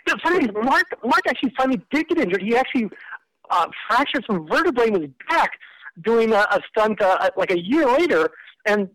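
Man, forties, high voice, rapid talk, sounds far off on a tinny phone line. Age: 40s. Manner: quick, animated, laughing retelling. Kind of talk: casual storytelling interview. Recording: distant, phone-like audio.

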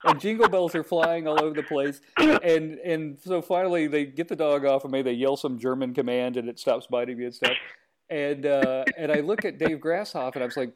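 A man's voice: fairly high pitch, a little fast, a little hiss or hum. A man hosting a casual chat, telling funny stories and imitating the people in them. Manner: lively anecdote telling, imitating voices. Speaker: host.

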